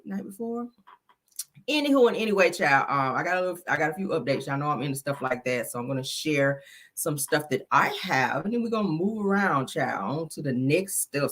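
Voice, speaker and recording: A woman hosts a celebrity news stream. Her voice sits low, but it swings up and down a lot. She talks in a chatty, sassy way, with drawn-out slang asides. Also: fairly bright tone. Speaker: celebrity news channel host. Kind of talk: casual live-stream commentary.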